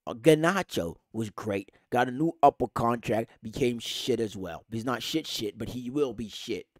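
A man's voice: medium pitch, moderate pace, dry recording. A man, hosting a podcast, ranting angrily about football with lots of swearing and emphatic repetition. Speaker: podcast host. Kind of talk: casual football rant.

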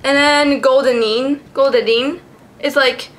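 A woman vlogger chatting casually, giggly and excitable, swearing freely as she goes. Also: sits high, a little slow. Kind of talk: casual chat.

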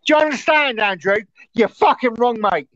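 A man's voice: very high-pitched, expressive, moderate pace, a bit bright, dull audio. A man from Portsmouth with an English accent, furious and swearing in a heated live-stream argument. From England.

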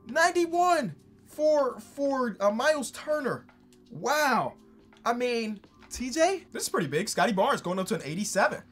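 Excitable man doing game commentary. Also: on the high side. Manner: excitable, swings from hyped to dry asides. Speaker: basketball gaming YouTuber. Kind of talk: casual gameplay commentary.

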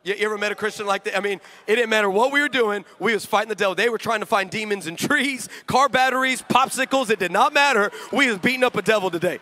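A male preacher telling a comic story in a sermon, animated and joking, acting out both sides of conversations before a live congregation. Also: high-pitched, fast, hardly any pauses. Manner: animated, joking, acts out dialogue. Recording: long hall reverb.

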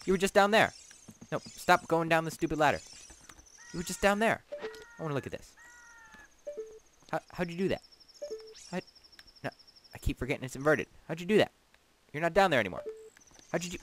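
With a fairly high, somewhat bright voice and lively intonation, this let's play gamer speaks at normal speed but pauses often. His casual commentary while playing is silly and rambling, and he keeps responding to the characters on screen.

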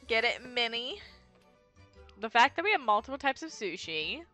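A woman's voice: a little high, normal speed, pauses often, dry recording, faint music behind. A young woman giggling and gasping through casual let's play commentary, chatty and full of "like". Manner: giggly and excitable, gasps and squeals often; chatty, heavy use of "like". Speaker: gaming channel host.

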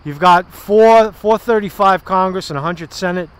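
High-voiced man ranting while walking outdoors. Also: moderate pace, clear, resonant tone. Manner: rambling, profane, sarcastic asides. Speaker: political vlogger. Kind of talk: casual political commentary.

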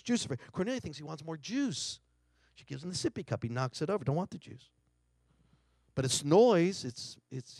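Keynote speaker: middle-aged American man, lively high voice, dry close sound, dramatic storytelling. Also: no room sound. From United States. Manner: dramatic storyteller, acts out family quotes. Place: lecture hall.

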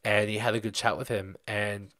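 Young Australian man, low voice, dry close sound; rambling podcast storyteller. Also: normal speed, dry recording. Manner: rambling, animated anecdote with many fillers. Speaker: podcast host. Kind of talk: casual storytelling.

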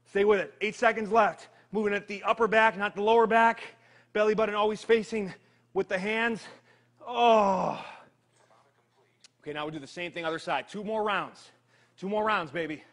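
Man, fitness trainer, high voice, energetic, joking, strained from exercising, counts reps. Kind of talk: live workout coaching.

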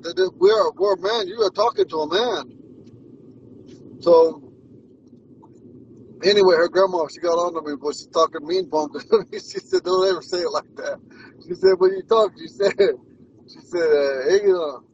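A man's voice: sits high, creaky, a little hiss or hum. Man telling stories, far off mic. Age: 40s. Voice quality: rambling, repeats himself and restarts. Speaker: language teacher. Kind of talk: casual storytelling lesson. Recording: muffled sound from far off the mic.

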